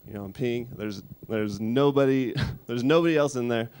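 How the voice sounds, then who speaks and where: A man in his thirties doing a stand-up set in a studio, with dry, deadpan delivery and frequent restarts. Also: medium pitch, moderate pace, smooth. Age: 30s. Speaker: stand-up comedian. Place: music studio.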